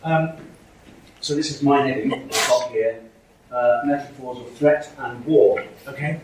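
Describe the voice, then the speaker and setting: In an echoey lecture hall recorded from afar on a room mic, a middle-aged man gives a university linguistics lecture full of ums, hesitations and restarts. His medium-pitched voice has a darkish tone and moderate pace, with slight background noise.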